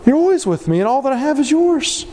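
A man voicing a loving father who pleads gently with his son, as a quote within his sermon. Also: very high voice, sing-song, quick pace, big-room sound, pitched above the performer's own voice. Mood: tender.

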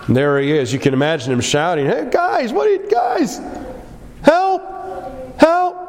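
Animated preacher man in an echoey hall. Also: mid-range voice, noisy background. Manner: animated, acts out voices of characters in the story. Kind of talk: sermon. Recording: echoey hall with long reverb.

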